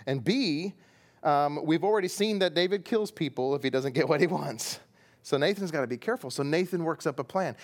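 A middle-aged Texan pastor preaches with a lively, swinging voice that climbs and dips as he retells the story. His pitch sits a touch higher than most men's, and he acts out the characters and sound effects with animated energy. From Texas. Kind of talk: sermon.

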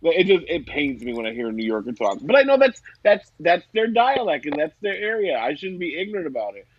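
A man from Ohio co-hosting a casual chat, animated and quick to laugh, with mock-indignant asides. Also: on the high side, breathy edge, no room sound, lo-fi sound. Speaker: podcast co-host.

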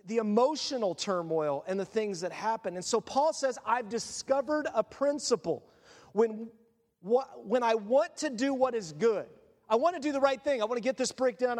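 A middle-aged man preaching a sermon as pastor, telling stories in an animated, self-mocking way. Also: extremely high pitch. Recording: long reverb.

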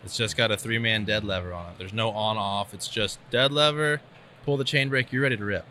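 A man's voice: on the low side, brisk, pushed and bright, slight background noise. A man, a tree-care pro, chatting bluntly and animatedly about gear on a podcast. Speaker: arborist guest. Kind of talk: casual podcast chat.

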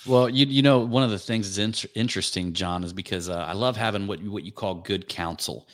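A man hosting a casual chat, talking excitedly and rambling through long lists of names. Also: lowish voice, a little fast, dry recording, studio quality. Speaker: podcast host.

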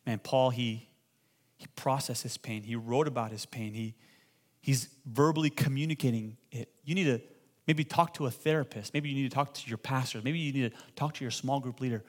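A man preaching a sermon as pastor to a congregation, asking them to repeat phrases and building to loud, impassioned pleading. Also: medium pitch, fairly even intonation, a little fast. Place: church hall with congregation.

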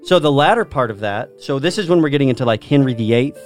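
A man's voice: medium pitch, lively intonation, fast talker. British guy explaining stuff to his mates, eager, kinda lecture-y, faint music behind. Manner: enthusiastic, lecturing, asks the others questions. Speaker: host explaining the history of English. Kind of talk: casual explanatory chat.

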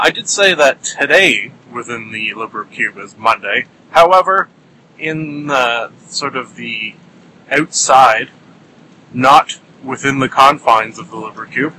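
Male podcast host, recording in his car; bright voice, joking and rambling with lots of ums. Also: mid-range voice, slight background noise, low-quality recording. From Ontario, Canada. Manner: playful, drags words out for comic emphasis, many fillers. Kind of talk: casual solo podcast monologue. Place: car, while driving in sleet.

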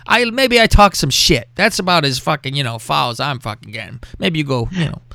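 A man's voice: fairly high pitch, animated, a little fast, gravelly, pushed and bright, no echo, studio quality. A man hosting a podcast, talking crudely and animatedly, often mimicking other people's voices. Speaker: podcast host. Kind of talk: crude casual chat.

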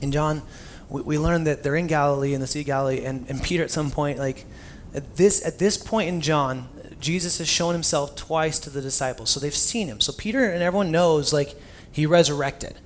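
A young man preaches in a loose, chatty storytelling way, full of casual asides. His voice sits a little high for a man, and a faint hiss of noise runs under it. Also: brisk, hardly any pauses. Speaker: pastor. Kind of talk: sermon.

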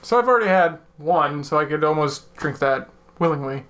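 A man's voice: on the high side, animated, normal speed, fairly bright tone. A man co-hosting a casual beer-tasting chat, joking and rambling, often trailing off mid-sentence. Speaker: podcast co-host.

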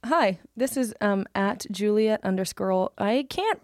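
A woman's voice: mid-range voice, animated, unhurried, no room sound, clean studio sound. A woman co-hosting a casual podcast chat, offhand and laughing, swearing casually. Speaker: podcast co-host.

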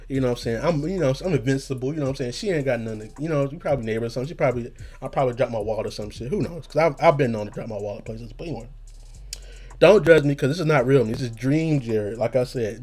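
A man's voice: medium pitch, lively intonation, fast, darkish tone. Young man, casual storyteller, loose and profane, laughs a lot, mid-range voice. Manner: laid-back, profane, laughs often, acts out his own lines.

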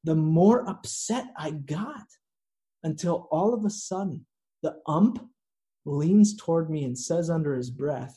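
A man preaching a sermon in a slow, earnest way, with dramatic pauses. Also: on the high side, lively intonation, warm tone. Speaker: pastor.

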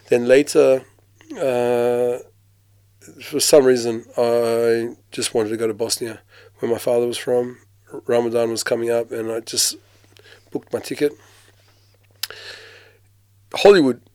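A man raised in Australia talks about his acting career in a relaxed, conversational way. He gets animated and breaks into quick impressions, and he often restarts his sentences. His voice is mid-pitched and sounds close and dry. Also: smooth, no echo. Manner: animated storyteller, mimics voices, frequent restarts. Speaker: actor, guest. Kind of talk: casual interview.

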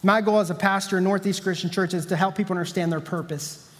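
A man's voice: sits high, steady tone, quick pace, big-room sound. A male pastor preaching a sermon in a conversational, storytelling way, repeating key lines for emphasis.

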